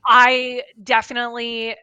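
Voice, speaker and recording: A woman co-hosting a casual chat show, animated and thinking aloud as she reads out facts. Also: on the high side, a little slow, clean tone, dry recording, highs cut off. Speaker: podcast co-host.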